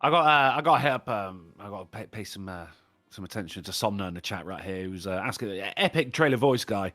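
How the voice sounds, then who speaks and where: A man's voice: on the low side, lively intonation, brisk, fairly bright tone, dry recording, faint music behind. A man co-hosting a casual comedy podcast, tossing in crude puns and joking interjections. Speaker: podcast co-host.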